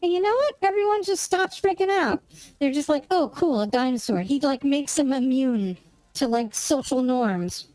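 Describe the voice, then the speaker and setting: A woman's voice: sits high, moderate pace, a little mellow, dry recording, faint music behind, poor audio. A woman streamer chatting casually while she plays, rambling and searching for words as she goes. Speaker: gaming streamer. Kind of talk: casual chat while playing a game.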